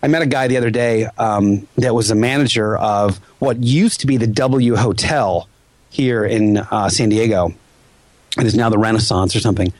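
Man, 40s, podcast host; lively storyteller, dry close sound. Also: lowish voice, normal speed, dry recording. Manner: animated, acts out quoted voices. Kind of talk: casual storytelling chat.

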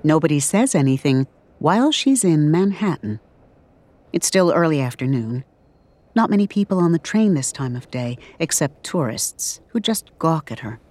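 Low, lively woman audiobook narrator. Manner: expressive, measured storytelling.

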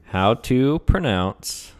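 A man's voice: medium pitch, lively intonation, very slow. A young man in casual chat among friends, blunt and laid-back, swearing freely.

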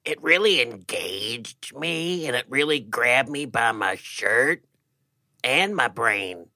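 Boastful, self-satisfied man with a bright voice. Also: medium pitch, animated, takes it slowly, no echo, clean studio sound. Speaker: comedy podcast co-host playing a pompous author. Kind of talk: comedic improv reading.

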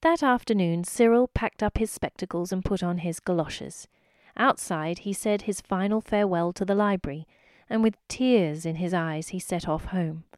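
Brief: woman storyteller, mid pitch, animated reading for kids, dry close sound. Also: normal speed, dry recording. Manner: expressive, addressing the listener.

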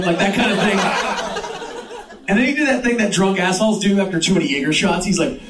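Loud, laughing Mexican American comedian. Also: male voice, sits high, animated, fairly quick, pauses often. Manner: loud, crowd-working, swearing, laughing. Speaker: stand-up comedian hosting. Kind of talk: stand-up comedy. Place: pub stage with live crowd. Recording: roomy pub, mic heard from a distance, crowd noise.

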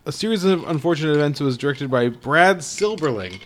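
A man's voice: a little high, lively intonation, fairly quick. A man co-hosting a casual film review chat, dropping in dry, wry remarks and film trivia. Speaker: podcast co-host.

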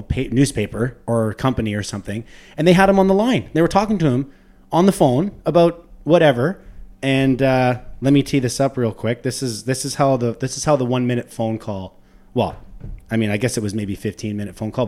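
A man hosting a casual hockey podcast, talking loosely and swearing, his voice jumping up when he gets worked up. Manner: animated, swearing, rises in pitch when worked up. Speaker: podcast host. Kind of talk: casual sports chat.

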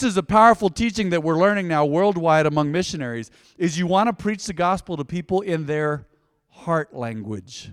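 A man preaching a sermon in a church, conversational and joking, with big swings between quiet asides and loud emphasis. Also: expressive, normal speed, dry recording, clean studio sound, long reverb tail. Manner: conversational, joking, dynamic swings in pitch and loudness. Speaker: pastor.

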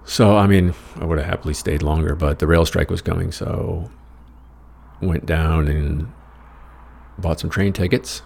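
Gravelly and a touch mellow, this low-pitched American voice keeps a measured pace and fairly level intonation. He rambles through a travel tale in casual, self-deprecating fashion, with dry humor and swearing.

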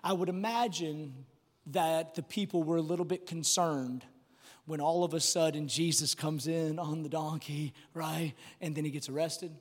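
A man preaching a sermon, swinging between loud bursts and quiet, hushed drops. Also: a little high, steady tone, moderate pace. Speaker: pastor. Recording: long hall reverb with faint music.

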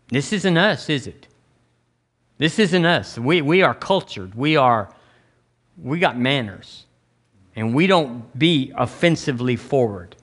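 A man's voice: mid-range voice, lively intonation, takes it slowly, a bit bright. A man preaching a blunt, emphatic sermon as pastor, drawing the congregation into call-and-response.

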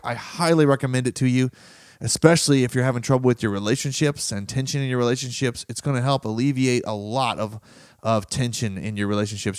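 A man hosting a motivational talk, earnest and conversational. He speaks at a middle pitch, and the recording is dry and close with no room sound. He keeps turning to his listeners with questions. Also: no room sound. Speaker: podcast host.

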